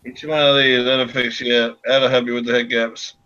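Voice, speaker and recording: A man's voice: medium pitch, little pitch movement, moderate pace, pushed and bright, clear, resonant tone, highs cut off. A man hosting a casual beer chat, joking and laughing often. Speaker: podcast host.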